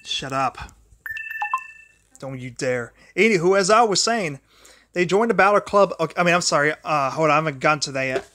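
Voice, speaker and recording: A young man with a high voice hosts his own livestream. He talks in a loose, rambling way, often trailing off and starting sentences over. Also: fairly even intonation, fast, sharp tone, no room sound, studio quality. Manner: rambling, restarts and repeats words often; grumbles at a failing charger mid-talk. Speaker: livestream host. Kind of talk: rambling solo livestream talk.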